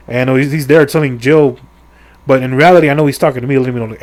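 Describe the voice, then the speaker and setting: A man's voice: medium pitch, expressive, racing, darkish tone. A middle-aged man casually recapping a video game's story, rambling with crude jokes, heavy swearing and lots of fillers. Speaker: gaming video creator.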